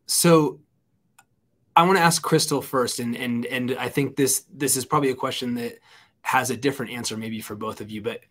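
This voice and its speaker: A man's voice: medium pitch, steady tone, moderate pace, a bit bright. A man co-hosting a radio interview, earnestly telling a story. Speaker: radio show co-host.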